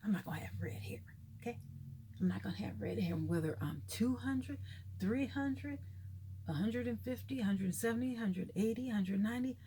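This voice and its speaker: A woman in her fifties giving an indignant, animated commentary to her followers, sometimes dropping to a whisper for asides. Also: fairly high pitch, normal speed, slight background noise. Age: 50s. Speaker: vlogger. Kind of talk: casual commentary monologue.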